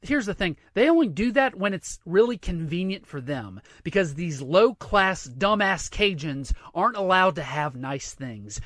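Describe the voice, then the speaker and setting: High-voiced man ranting sarcastically. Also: expressive, measured pace, few pauses, a bit bright, dry recording. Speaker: sports commentary host. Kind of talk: sports rant monologue.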